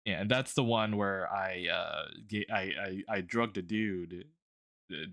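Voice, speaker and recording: Low-voiced man, rambling and hesitant. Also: unhurried, gravelly, a bit bright, dry recording, clean studio sound. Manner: rambling, hesitant, many ums. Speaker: guest. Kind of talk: casual chat.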